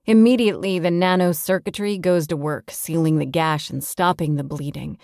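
A woman reading a first-person audiobook with steady, tense storytelling. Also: deep voice, moderate pace, no echo, studio quality. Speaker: audiobook narrator.

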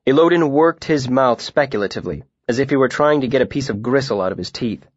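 A man narrating an audiobook in the first person, steady and wry. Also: mid-range voice, fast talker, no room sound. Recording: dull, dry studio audiobook recording.

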